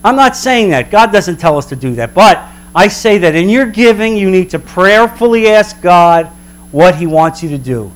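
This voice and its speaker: A man preaching a sermon as a pastor, emphatic, slowing down for dramatic weight. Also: high voice, lively intonation.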